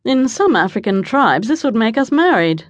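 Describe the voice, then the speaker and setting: A woman voicing a dry-witted gentleman. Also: sits high, very animated, moderate pace, no echo, pitched above the performer's own voice. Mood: amused. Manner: dry, amused.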